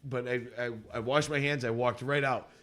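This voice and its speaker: A man's voice: mid-range voice, fairly even intonation, moderate pace, fairly bright tone. A man co-hosting a podcast, telling a story in casual chat, laughing often and acting out quotes in a raised voice. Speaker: podcast co-host.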